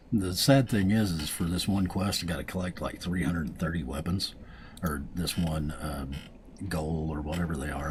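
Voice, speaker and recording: A man with a very deep voice casually commentates on his gameplay against some background noise. The gaming video host jokes around and sometimes reads game lines aloud in goofy voices.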